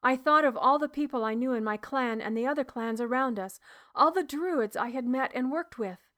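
A woman narrating a first-person historical novel in an even, measured storytelling voice. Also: sits high. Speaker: audiobook narrator.

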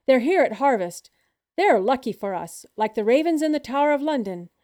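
A woman's voice: sits high, animated, normal speed, dark tone. A woman reading as an old farmer. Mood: matter-of-fact. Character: elderly Scottish farmer man, terse.

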